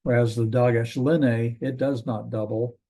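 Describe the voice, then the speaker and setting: A man teaching a classroom lecture in a relaxed, rambling way, with frequent ums and self-corrections. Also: medium pitch, a little slow. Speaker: Hebrew teacher.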